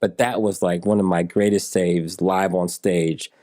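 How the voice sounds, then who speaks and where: A man in his forties, an interview guest, telling stories in a relaxed way and acting out the people in them. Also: deep voice, a little slow, no echo, clean studio sound. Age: 40s. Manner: animated storyteller who acts out dialogue in raised voices. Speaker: interview guest, software engineer.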